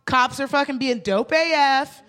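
A lively young woman chatting casually, her voice sitting a little high. She swears freely and acts out every line of dialogue in her story, leaping up in pitch for the punchlines. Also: a little slow. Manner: animated, swears freely, acts out quotes with big pitch jumps.

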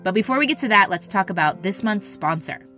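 A woman's voice: mid-range voice, lively intonation, brisk, pushed and bright, soft background music. A woman hosting a podcast, talking in a chatty, encouraging way. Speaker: podcast host. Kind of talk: casual podcast chat and read ad.

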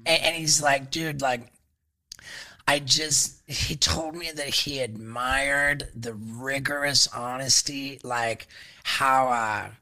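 Podcast guest, man, bright edgy voice, halting and full of fillers, profane storyteller. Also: medium pitch. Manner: halting, stacks fillers and restarts; swears freely. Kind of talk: casual storytelling.

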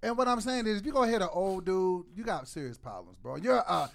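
A man's voice: high voice, animated, fast, vocal fry. A man co-hosting a casual group chat, joking and acting out what people said. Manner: joking, acts out quotes. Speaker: podcast co-host.

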